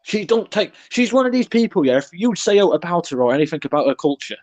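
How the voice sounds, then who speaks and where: A British man chatting casually on a podcast over an online call. His voice sits slightly high, and he talks bluntly and animatedly, sliding into slang and tangents as he goes. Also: very animated, quick pace, darkish tone. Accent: British English. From Britain. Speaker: podcast co-host.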